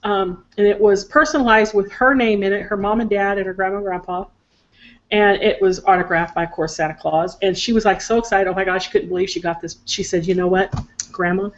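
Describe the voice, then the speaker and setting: A woman's voice: mid-range voice, steady tone, fairly quick, lo-fi sound. An older woman telling a heartfelt family story in casual chat on a video call, emotional and talkative. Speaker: psychic show co-host.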